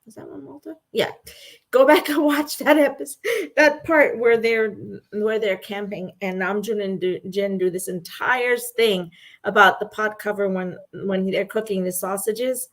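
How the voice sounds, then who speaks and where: A woman chatting casually as a co-host, with a voice at a middling pitch. She gushes and tells stories animatedly, often breaking into laughter. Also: a little slow. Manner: gushing, animated storyteller who laughs often. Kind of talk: casual chat.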